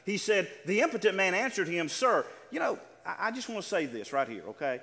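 Animated male preacher, slightly high voice, big hall reverb. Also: fairly quick, vocal fry. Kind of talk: sermon. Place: church sanctuary. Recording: long reverb of a large hall.

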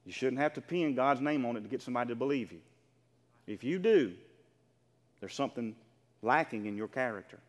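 A man's voice: medium pitch, lively intonation, brisk, pauses often, big-room sound. A male preacher, delivering an emphatic, fervent sermon and calling out to his congregation for responses. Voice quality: emphatic, rising to fervent shouts. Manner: call-and-response, exhorting the congregation.

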